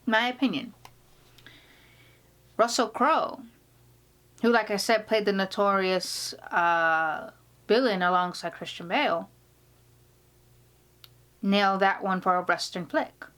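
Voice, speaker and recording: A woman's voice: medium pitch, slow, pauses often, a bit bright. A woman vlogger talking casually to camera, gushing and rambling, sometimes dropping to a whisper.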